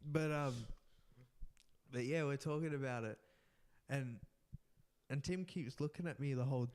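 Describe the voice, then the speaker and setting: A young man telling an animated story in casual podcast chat, often laughing and restarting his sentences. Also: medium pitch, measured pace. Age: young adult. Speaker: podcast co-host.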